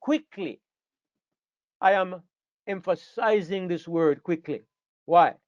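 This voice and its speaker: A man's voice: on the high side, normal speed, a little mellow, dry recording, highs cut off. A man teaching a Bible study class to a room of listeners, emphatic, repeating key words and checking that everyone follows.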